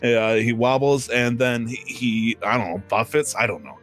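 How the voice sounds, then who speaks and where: A man talks loosely and at length on a podcast, full of fillers and restarts. His voice is bright and forceful, set at an ordinary pitch. Faint music plays underneath. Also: moderate pace. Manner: rambling, lots of fillers and restarts. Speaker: podcast co-host. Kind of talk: casual chat.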